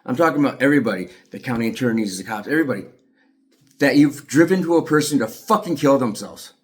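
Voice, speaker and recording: Brief: middle-aged man, emphatic and angry, swearing often, mid-pitched voice, speaking straight to the viewer. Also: lively intonation, fast talker. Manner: profane, agitated, emphatic. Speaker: aggrieved father telling his story. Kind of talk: angry monologue to camera.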